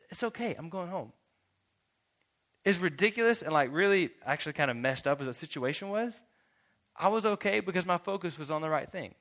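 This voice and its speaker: A young man from Texas preaches in a loose, chatty way, laughing often and playing out every voice in his stories himself. His voice is bright and a touch high for a man. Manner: laughs often, acts out both sides of conversations. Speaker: youth pastor. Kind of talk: casual sermon with a story.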